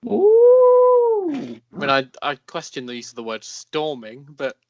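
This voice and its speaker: A man's voice: medium pitch, normal speed, bright, forceful tone, no room sound, dull audio. A man taking part in a casual online quiz, wry and joking as he thinks aloud. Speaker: quiz contestant.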